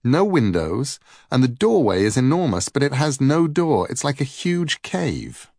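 A man's voice: medium pitch, very animated, unhurried, creaky, darkish tone, dry recording, studio quality, pitched above the performer's own voice, exaggerated voice. A man voicing a sly, mischievous male trickster god in a storybook reading, with a lilting, wondering delivery. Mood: puzzled.

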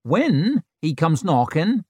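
Male narrator doing a sharp-tongued hill woman, wry, rough-spoken, high and lively. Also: slow pace, no echo, heavily acted. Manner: wry, lecturing, rough country grammar. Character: dry-witted wild hill woman, blunt and mocking.

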